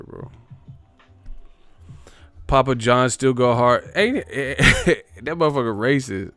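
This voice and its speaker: A man hosting a livestream, reading super chats and ranting in a casual comedic way, profane and animated, laughing often. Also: mid-range voice, slow, long pauses, no echo, faint music behind.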